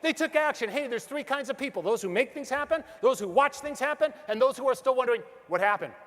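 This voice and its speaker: High-voiced motivational speaker in a hall. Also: male voice, fast talker. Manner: energetic storytelling, acts out quotes, asks the crowd questions. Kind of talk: motivational stage speech. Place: large hall with an audience. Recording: hall reverb from a stage.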